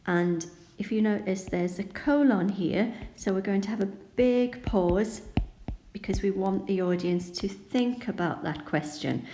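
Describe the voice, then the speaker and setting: A woman teacher explaining how to annotate a poem, calm and explanatory, reading lines of verse aloud. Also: medium pitch, a little slow, roomy sound, a little hiss or hum, poor audio. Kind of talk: poetry annotation lesson.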